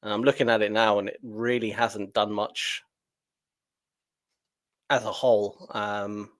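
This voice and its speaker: A man's voice: on the low side, measured pace. Laid-back man talking trades. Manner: relaxed, chatty, laughs easily. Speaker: trading coach. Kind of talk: casual live-stream chat.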